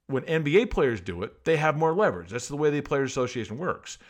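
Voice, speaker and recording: A man's voice: mid-range voice, sing-song, quick pace, hardly any pauses. A man talking sports on his own, firing off sarcastic rhetorical questions as he argues his point. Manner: rants and argues. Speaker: sports commentator. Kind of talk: casual sports talk monologue.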